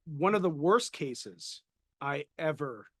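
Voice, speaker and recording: A man's voice: fairly high pitch, lively intonation, slow, no echo, clean studio sound. A man co-hosting a casual podcast, chatting easily and reading out viewer questions. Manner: conversational, reads out viewer questions. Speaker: co-host, paranormal consultant.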